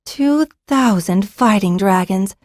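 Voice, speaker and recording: A playful young swordswoman speaks with calm confidence, as a woman reads her part. The recording is close and dry. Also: medium pitch, takes it slowly, no room sound. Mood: confident.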